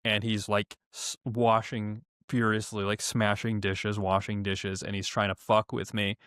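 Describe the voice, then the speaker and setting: A young man telling a story on a podcast in a casual, profane, animated way, acting out quotes in raised voices. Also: fairly low pitch, unhurried, clear, resonant tone, no room sound, clean studio sound. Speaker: podcast co-host.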